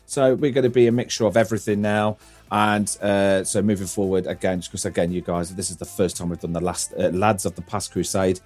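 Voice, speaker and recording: Man, podcast host, low voice, rambling, sweary, laughs a lot, faint music behind. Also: steady tone, fairly quick, darkish tone. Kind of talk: casual podcast chat.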